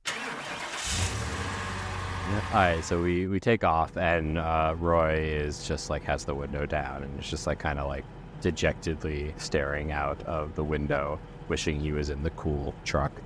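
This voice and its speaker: Deep-voiced man narrating a game. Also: level tone, unhurried, background noise. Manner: loose, filler-heavy storytelling. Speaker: game master. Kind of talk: improvised tabletop role-play narration.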